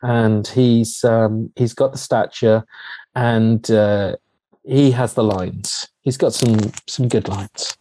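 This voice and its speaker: A chatty man co-hosting a casual film chat, his voice dark and mellow. He laughs often and restarts his sentences, and he sounds dry and close with little room around him. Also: fairly low pitch, steady tone, takes it slowly, no echo. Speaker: podcast co-host. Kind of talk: casual chat about films and TV.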